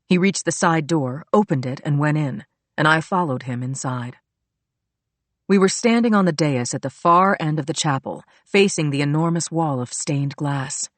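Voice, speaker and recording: A woman reading a thriller audiobook aloud in a steady, even storytelling manner. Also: sits low, moderate pace, no room sound. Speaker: audiobook narrator. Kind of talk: scripted narration.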